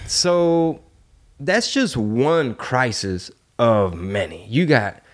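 A man's voice: medium pitch, big pitch swings, drawn-out words. A man hosting a podcast, talking bluntly and heatedly with lots of swearing and rhetorical questions. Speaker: podcast host. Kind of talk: casual opinionated chat.

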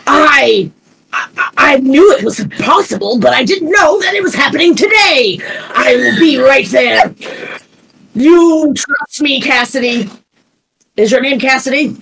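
A woman's voice: high-pitched, lively intonation, unhurried, vocal fry, fairly bright tone, heavily acted, poor audio. A woman playing a pompous, boastful male investigative reporter in a tabletop game, with a grandiose, theatrical delivery. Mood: excited. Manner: grandiose, theatrical, self-important. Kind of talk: tabletop role-play.

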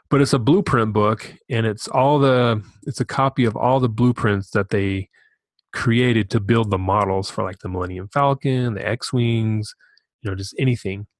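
A man's voice: lowish voice, dry recording. A middle-aged man co-hosting a podcast in a laid-back way, with short agreeing replies and trailing thoughts. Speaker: podcast co-host. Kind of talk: casual podcast chat.

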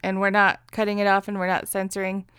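A woman's voice: medium pitch, completely flat delivery, quick pace, a bit bright, clean tone, dry recording, studio quality. A woman with a New Jersey accent, co-hosting a podcast in casual chat, swearing freely and reading out listener questions. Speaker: podcast co-host.

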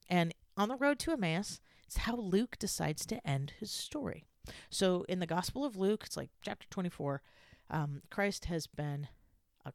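A woman giving a casual scripture lesson in a conversational, halting way with many restarts. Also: low voice, no echo, studio quality. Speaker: scripture teacher.

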